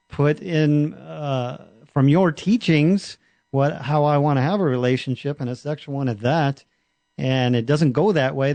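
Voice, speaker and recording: A man co-hosting a podcast, easygoing and quick to chuckle in casual conversation. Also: medium pitch, darkish tone, no room sound. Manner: easygoing, short agreeing replies, chuckles. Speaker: podcast co-host.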